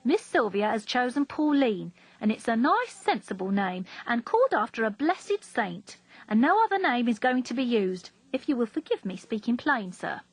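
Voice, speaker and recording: A woman's voice: a little high, very animated, moderate pace, breathy edge, no echo. A woman reading aloud, voicing a stern, fussy old nursemaid who scolds firmly. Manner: firm, scolding.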